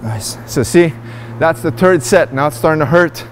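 A man with a slightly high voice coaches through a weightlifting session in an indoor gym. He talks straight to his viewers in an upbeat, encouraging way while he demonstrates. Faint noise sits behind him. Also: normal speed. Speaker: fitness vlogger. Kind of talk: workout demonstration and instruction.

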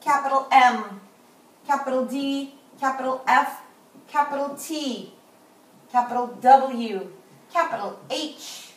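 Gentle kindergarten teacher woman, echoey. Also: high-pitched, distant mic. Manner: slow, gentle, emphatic teacher voice stressing words. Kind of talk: video morning meeting lesson for young children.

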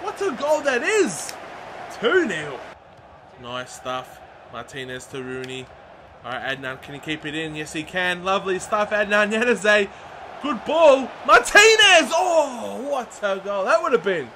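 A young man giving excited, chatty commentary over his own football video game match, shouting at the big moments. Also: high-pitched, unhurried. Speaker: gaming YouTuber. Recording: audible background noise.

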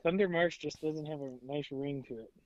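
A man's voice: a little high, moderate pace, no room sound, dull audio. A man co-hosting a podcast in casual, laid-back chat, laughing easily. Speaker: podcast co-host.

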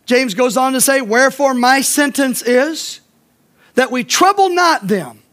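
A man's voice: extremely high pitch, fairly bright tone. A man pastor preaching a sermon to his congregation, stressing points by repeating them and asking the listeners direct questions. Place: church.

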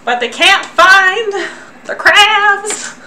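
A woman's voice: very high voice, expressive, very slow, sharp tone, reverberant, a little hiss or hum, voice pushed up, heavily acted. A woman voicing a frail old grandmother from the countryside, talking in a doting, lecturing way to a young man.

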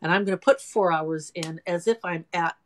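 A woman in her sixties with a lowish voice talks in a chatty, self-deprecating way as a guest in a casual interview. She speaks from her home salon. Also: moderate pace, background noise. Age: 60s. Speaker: guest, home nail technician.

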